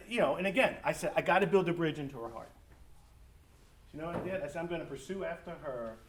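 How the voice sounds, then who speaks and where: A middle-aged man preaching as a pastor in a conversational, animated way, acting out family conversations. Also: a little high. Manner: animated, acts out family dialogue. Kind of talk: conversational sermon talk. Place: church or school hall. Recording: echoey room, mic from a distance.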